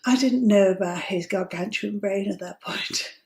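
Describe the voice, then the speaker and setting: A woman in her fifties telling a personal story as host, chatty and amused, with breathy asides. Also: mid-range voice, normal speed, a little mellow, roomy sound. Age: 50s.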